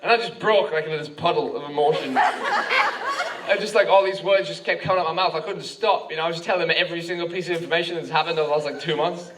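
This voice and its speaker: A man's voice: fairly high pitch, steady tone, rapid-fire. A young Australian man doing a rambling stand-up comedy set, full of filler words, with bursts of frantic ranting. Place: comedy club stage with laughing audience. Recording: noisy live club recording from a distance.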